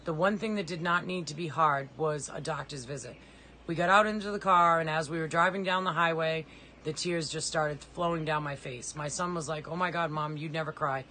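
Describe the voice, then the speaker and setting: A woman's voice: deep voice, normal speed, pushed and bright, a little hiss or hum, poor audio. A middle-aged woman, a mother, making an urgent, pleading personal appeal in plain, direct words. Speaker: mother of a disabled son.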